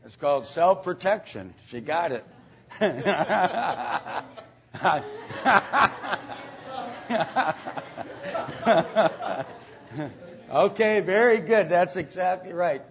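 A man teaching an informal Bible lesson to a class, speaking haltingly with many fillers, restarts and throat-clearing, and often asking the class questions. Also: high-pitched, expressive. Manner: asks the class questions and calls on students. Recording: dull lo-fi recording.

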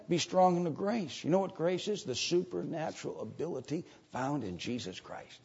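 An older man preaching a sermon and reading scripture aloud. He moves between loud, emphatic preaching and quiet asides. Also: on the high side, expressive, a little slow, husky. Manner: reads scripture aloud in old-fashioned wording. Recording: dull lo-fi sermon recording.

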